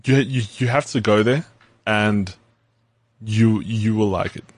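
Podcast guy, lowish voice, goes on long detailed tangents, dry sound. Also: measured pace, husky, no echo. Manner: rambling, detailed travel storytelling. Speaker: podcast co-host. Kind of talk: casual chat.

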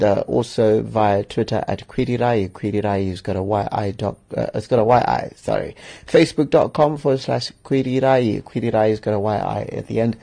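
A man hosts his own podcast, talking straight to listeners with emphatic, joking advice. His voice is gravelly and a little husky, with a mellow, dark tone. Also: lowish voice. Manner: emphatic, joking, chuckles often. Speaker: podcast host. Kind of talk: solo podcast, advice monologue.

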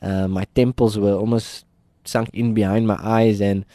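A man's voice: lowish voice, flat delivery, moderate pace, mellow, no echo, clean studio sound. A South African man earnestly telling his own life story in an interview, acting out the people he quotes. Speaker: guest sharing his testimony. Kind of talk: personal testimony in an interview.

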